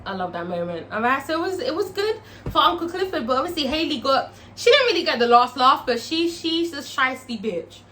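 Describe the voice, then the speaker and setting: High, bright woman recapping a show. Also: a little fast. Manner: animated, frequent swearing, checks in with "all right?". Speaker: TV show reviewer. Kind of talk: casual recap vlog.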